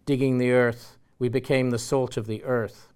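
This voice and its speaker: Old grandfather storyteller, insistent and emphatic, Irish accent, read by a man at middle pitch. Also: flat delivery, moderate pace, a little mellow, clear, resonant tone, natural voice.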